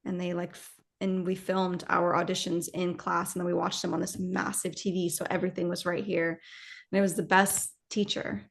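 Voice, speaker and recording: A woman actress talking casually in an interview, animated and rambling, with many fillers and restarts. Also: fairly low pitch, moderate pace, creaky.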